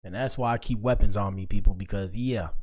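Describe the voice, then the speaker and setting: A man's voice: lowish voice, fairly quick, background noise. A man hosting a casual commentary show, reacting to clips with slangy asides and exclamations.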